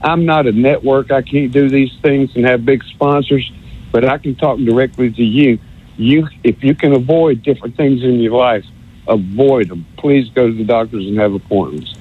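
Husky sarcastic caller on a tinny phone. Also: male voice, medium pitch, moderate pace. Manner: stammering, sarcastic, repeats words. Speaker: radio call-in caller. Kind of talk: rambling call-in rant. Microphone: telephone.

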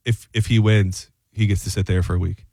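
A man hosting a sports talk radio show, chatting casually with halting restarts. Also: on the low side, steady tone, gravelly, dark tone, no room sound.

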